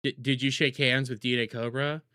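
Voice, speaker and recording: A man streaming casual reaction commentary, animated and swearing, often repeating words and mocking the people in the clips. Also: mid-range voice, a little fast, clean tone, no echo, clean studio sound.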